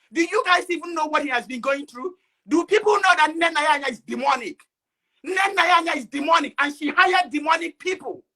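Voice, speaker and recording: An upset woman caller giving an impassioned speech, agitated and often shouting out rapid questions. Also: sits high.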